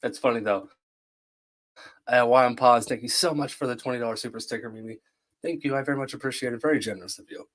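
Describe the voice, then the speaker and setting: Male stream host, mid pitch, casual, joking. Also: fast. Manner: casual and joking, thanks viewers. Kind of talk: casual livestream commentary.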